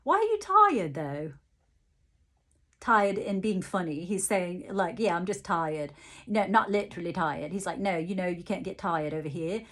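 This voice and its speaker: A woman psychic medium giving a channelled reading, relaying messages in the first person in a halting way with many restarts and gently playful, chuckling asides. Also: on the low side.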